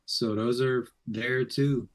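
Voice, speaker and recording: A man's voice: medium pitch, steady tone, takes it slowly. A man chatting on a live video call, laid-back, giving brief answers.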